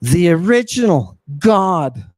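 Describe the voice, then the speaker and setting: Fiery male lecturer, high voice, unhurried delivery, provocative and full of rhetorical questions. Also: big pitch swings, a little mellow, no room sound. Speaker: host and lecturer. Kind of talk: impassioned lecture on ancient texts.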